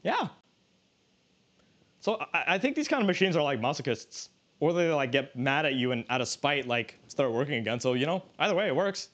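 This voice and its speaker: Male streamer, casual cooking chat, rambles and jokes, slightly high voice. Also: big pitch swings, a little fast, fairly bright tone, highs cut off. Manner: rambling, joking, many restarts.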